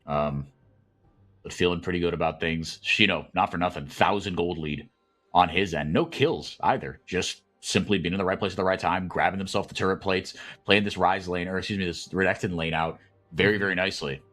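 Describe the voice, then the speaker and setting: Low-voiced esports play-by-play caster. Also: male voice, fairly quick, faint music behind. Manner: excitable, rises sharply in big fights.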